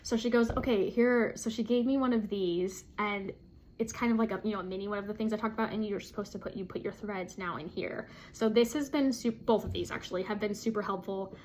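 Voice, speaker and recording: A woman's voice: mid-range voice, fairly quick, darkish tone, a little hiss or hum. A woman vlogging casually to camera, chatty and self-deprecating, with frequent fillers and laughs. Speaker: flosstube vlogger.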